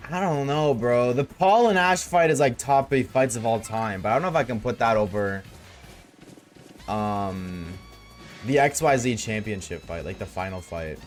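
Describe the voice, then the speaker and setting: A man's voice: mid-range voice, moderate pace, faint music behind. A man streaming a game and chatting casually with his viewers, laid-back and slangy, reading chat aloud.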